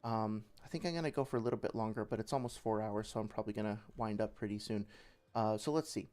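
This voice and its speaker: A man's voice: on the low side, quick pace, a little mellow. A young man giving casual livestream commentary as a debate reviewer, rambling with many fillers and restarts.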